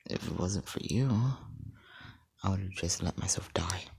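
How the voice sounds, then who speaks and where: A man voicing a nervous, gloomy teenage hero boy, talking in a hushed, hesitant half-whisper. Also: sits low, measured pace, gravelly, breathy edge, exaggerated voice. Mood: somber.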